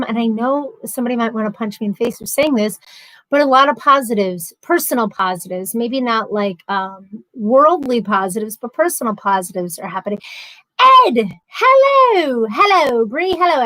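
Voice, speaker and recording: A woman's voice: on the high side, fairly bright tone, no room sound, rough recording. A woman, hosting a casual livestream, chatting and reading out viewer comments, laughing easily. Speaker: livestream host.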